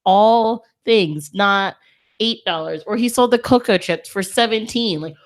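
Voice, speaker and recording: A woman's voice: medium pitch, measured pace, slight background noise. A woman co-hosting a reptile podcast in casual chat, chatty and drifting off topic. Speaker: podcast co-host.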